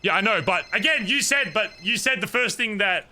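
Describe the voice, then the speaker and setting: Man, streamer roleplaying, earnest, lecturing, swearing, very bright tone. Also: high-pitched, animated, brisk, a little hiss or hum. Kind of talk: in-character roleplay conversation.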